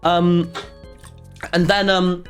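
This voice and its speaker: A man, telling a story to his live chat in an excitable, rambling way. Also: high-pitched, extremely slow, soft background music. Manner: excitable and rambling, with many restarts. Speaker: streamer.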